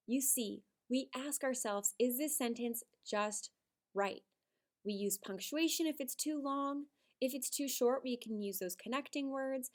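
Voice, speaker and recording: A woman teaching first graders a writing lesson, animated and sing-song, with dramatic emphasis. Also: high voice. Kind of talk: video writing lesson for young children.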